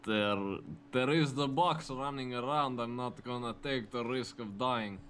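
A man's voice: medium pitch, measured pace, a bit bright, a little hiss or hum. A man playing a character in a tabletop role-playing game, speaking in character in a playful way. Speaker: player.

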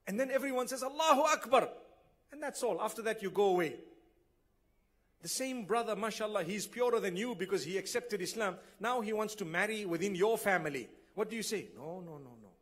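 Male preacher, high voice, earnest, rhetorical questions and loud exclamations, sermon to a gathering. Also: brisk. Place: gathering hall.

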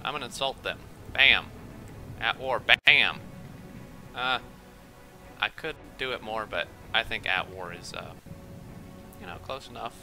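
A young man giving rambling, excitable gameplay commentary at his computer, quick to get worked up. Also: mid-range voice, gravelly, soft background music, rough recording. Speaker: let's play gamer.

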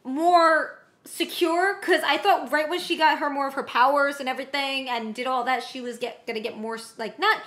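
A young woman with a high, bright voice talks through a show she just watched, animated and rambling. She keeps slipping into quick character voices to act out lines, then drops back into casual chat. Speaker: co-host of a reaction show.

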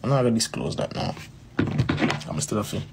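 A man's voice: fairly low pitch, very animated, fairly quick, creaky, a little mellow, slight background noise. A man with a Jamaican accent telling a personal story in a rambling, casual way, repeating phrases and calling the listener "bro". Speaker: dancehall artist.

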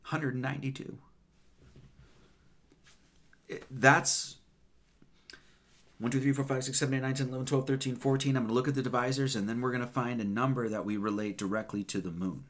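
A man's voice: medium pitch, steady tone, fast talker, fairly bright tone. A man giving a loose, rambling sermon, counting numbers aloud with many fillers and casual asides. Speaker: preacher.

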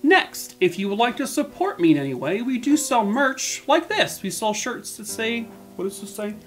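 A man hosting his own channel, chatting casually and quickly through a video outro with a self-mocking tone. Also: extremely high pitch, sing-song, fairly bright tone, soft background music. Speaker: true crime channel host.

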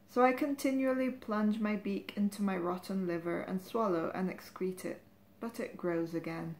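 An excitable, self-important male author holds forth, as a woman reading aloud puts him on. His lines come out raised and grand, climbing into exclamations as he gets carried away. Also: medium pitch, reverberant, close to an everyday voice.

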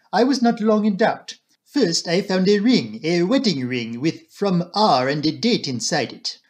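A man voicing a grave, self-assured male detective in an audiobook reading, speaking in a precise, deliberate, stern way. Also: fairly high pitch, natural voice.

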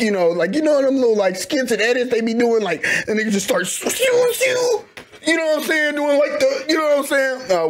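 A young man hosting a reaction video, chatting casually in a rambling, slangy way with laughing asides. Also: high voice. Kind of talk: casual chat.

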